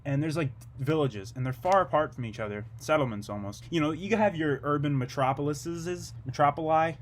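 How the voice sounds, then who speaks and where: A young man delivering a rambling, absurd comedic monologue in a low-key, deadpan way, drifting from one tangent to the next. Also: a little fast, slight background noise.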